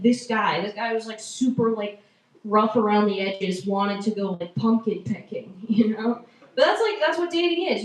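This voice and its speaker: A woman's voice: a little high, a little mellow, far from the mic. Chatty self-mocking woman doing stand-up. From small town in Massachusetts. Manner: chatty, self-mocking, often laughs at her own jokes. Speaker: stand-up comedian. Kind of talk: stand-up comedy set. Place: live comedy open mic venue. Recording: roomy live venue, voice from afar.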